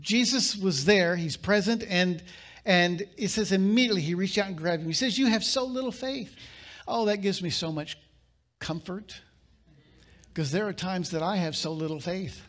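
High-voiced male pastor preaching. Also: a bit bright. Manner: reads scripture aloud with dramatic pauses and sudden bursts. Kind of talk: sermon.

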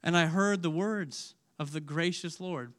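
Male preacher, high pitch, emotional sermon delivery that swings between loud and hushed. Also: unhurried. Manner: asks audience questions.

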